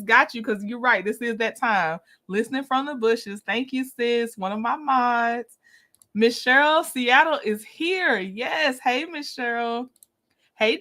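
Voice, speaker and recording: A woman hosting a casual livestream, greeting viewers by name, lively and quick to laugh. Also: sits high. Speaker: livestream host.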